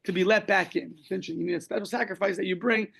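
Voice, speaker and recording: A man's voice: high-pitched, steady tone, fast, creaky, fairly bright tone, slightly rough. A man teaching a daily Talmud class, explaining the text step by step, quoting Aramaic and Hebrew phrases and joking lightly along the way. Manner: casual, joking asides.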